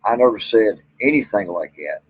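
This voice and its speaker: Husky man ranting angrily. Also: on the low side, expressive, normal speed, no echo. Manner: blunt, profane, indignant. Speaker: vlogger and Bigfoot researcher. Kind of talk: angry rant to camera. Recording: tinny phone-like audio.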